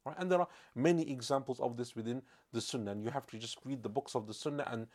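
A man gives a religious lesson at a brisk pace in a mid-pitched voice. He tells stories and puts energy into the lines he quotes. He recites Arabic verses at speed. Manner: storytelling, acting out quoted speech with lively emphasis; recites Quranic Arabic quickly. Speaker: Islamic teacher.

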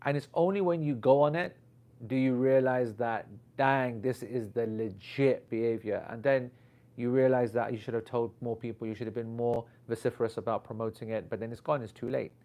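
Guy telling a story, all over the place, slangy and worked up, middle of the road pitch. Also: normal speed. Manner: animated, rambling storyteller with slang. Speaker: Islamic teacher. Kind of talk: casual anecdote.

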